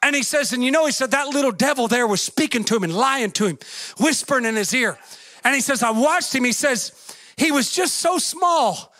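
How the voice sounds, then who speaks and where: A man preaching a fervent sermon, swinging between shouts and a singsong cadence and acting out the voices in his stories. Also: very high-pitched, lively intonation, fairly quick, no echo. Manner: acts out story voices, folksy grammar.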